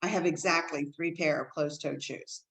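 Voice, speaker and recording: A woman co-hosting a casual chat show, telling stories in an animated way with big jumps in pitch. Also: a little fast, creaky, rough recording. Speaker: co-host.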